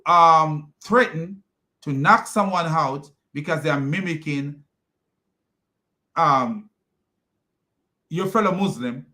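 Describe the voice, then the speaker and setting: Bright-voiced mocking male commentator. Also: a little high. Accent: non-native English. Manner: scornful, frequent laughter. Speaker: video commentator.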